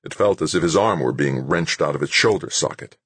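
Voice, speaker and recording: A man reading an audiobook as narrator in a steady, measured way. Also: a bass voice, husky, no room sound. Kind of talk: scripted narration.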